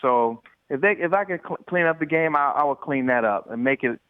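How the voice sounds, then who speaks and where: A man in his forties calling in to an interview by phone, telling stories with lively energy and repeated starts. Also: a little high, brisk, clean tone, dry recording. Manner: animated storyteller, repeats words. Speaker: guest calling in. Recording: tinny dry phone line.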